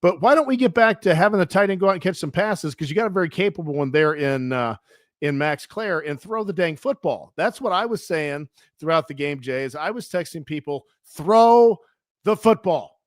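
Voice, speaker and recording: A man's voice: fairly high pitch, lively intonation, fairly quick, no echo, studio quality. A man co-hosting a sports podcast, giving blunt opinions in casual chat with many fillers. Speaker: podcast co-host.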